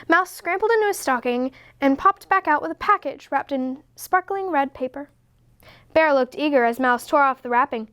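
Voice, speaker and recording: A woman reading a children's picture book aloud in a slow, expressive way. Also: high-pitched, smooth. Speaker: story reader. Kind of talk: storybook read-aloud.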